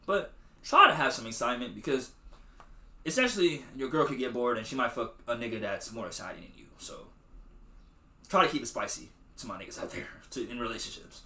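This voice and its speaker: A man's voice: medium pitch, animated, a little fast, sharp tone, echoey room. A man hosting a podcast, recapping a movie in loose slangy chat full of swearing and acted-out quotes. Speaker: podcast host.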